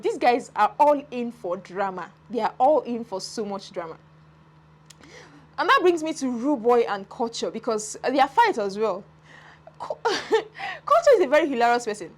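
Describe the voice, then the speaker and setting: A woman talks through the week's reality-show drama in a lively, swooping voice that sits fairly high. She laughs often and slips into the voices of the people she describes. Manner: animated, laughing, dramatic retellings. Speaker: entertainment commentator. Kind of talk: casual reality-show commentary.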